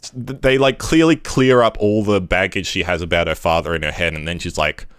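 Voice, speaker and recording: Smooth low-voiced man chatting casually. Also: a bit bright, no echo, studio quality. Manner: rambling, mimics characters in quick asides. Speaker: podcast co-host. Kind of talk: casual comic book discussion.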